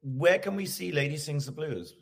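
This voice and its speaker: A man's voice: on the high side, animated, normal speed, vocal fry. A man hosting a casual chat, talking in a chatty, enthusiastic way. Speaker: host.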